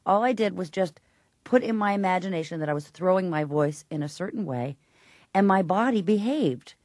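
A woman's voice: on the low side, animated, moderate pace, a little mellow, no echo, studio quality. A woman who teaches voice, explaining technique in an interview and breaking into short sung examples. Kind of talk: interview with sung and spoken vocal demonstrations.

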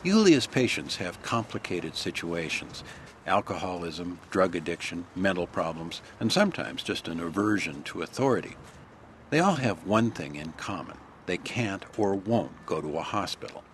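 A male radio reporter giving measured, descriptive scripted news narration. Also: low voice, very animated, a bit bright, a little hiss or hum.

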